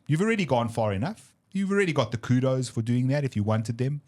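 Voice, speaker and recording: A man co-hosting a political podcast, talking in an animated, emphatic way and often repeating words as he tells stories. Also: medium pitch, moderate pace. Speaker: podcast co-host. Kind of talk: casual political discussion.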